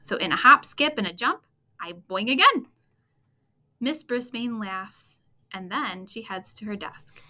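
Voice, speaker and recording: An expressive woman reading a children's bedtime story aloud. Her voice is bright and crisp, swooping up and down with lively, playful pitch as she draws young listeners in. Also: unhurried. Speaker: storytime reader.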